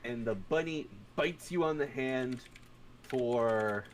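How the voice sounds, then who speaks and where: A man running a tabletop game as game master, narrating casually and with lots of swearing, jumping into loud voices for the players' characters. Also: medium pitch, slow pace, slight background noise. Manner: profane, laughing, acts out players' lines in bursts.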